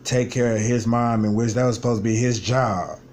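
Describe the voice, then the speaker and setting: A man's voice: mid-range voice, steady tone, moderate pace, darkish tone, slight background noise. A man in his twenties telling his life story in a vlog, venting bluntly with lots of swearing and frustration. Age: 20s. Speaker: vlogger. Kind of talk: personal vlog monologue.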